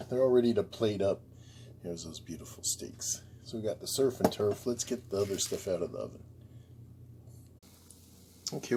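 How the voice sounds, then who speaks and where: A man's voice: low-pitched, a little mellow, a little hiss or hum. A man hosting a home cooking video, casually walking through each step and admiring the food. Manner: easygoing, keeps calling the food beautiful. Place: home kitchen.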